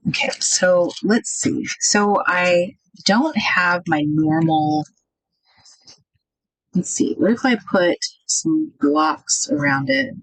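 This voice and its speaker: A woman hosting a casual craft livestream, thinking out loud and chatting with viewers about their comments. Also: on the low side, animated, slow pace, no echo, poor audio. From United States.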